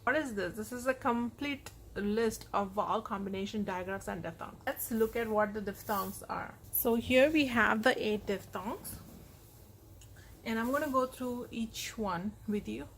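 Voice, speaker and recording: A woman's voice: on the high side, a little slow, a bit bright, a little hiss or hum. A woman teaching a phonics lesson on vowel sounds, explaining patiently and repeating the key points.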